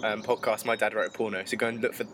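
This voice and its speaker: A man's voice: fairly low pitch, flat delivery, very fast, background noise. A man hosting a podcast, teasing his friends and laughing often. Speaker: podcast host. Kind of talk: casual chat.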